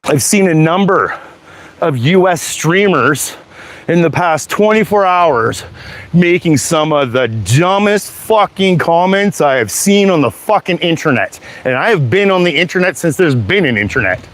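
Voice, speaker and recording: A man's voice: on the high side, animated, a little slow. A man rants angrily and swears constantly while he walks down a sidewalk outdoors. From Canada. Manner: heated, profane, repetitive swearing. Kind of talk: angry rant to camera.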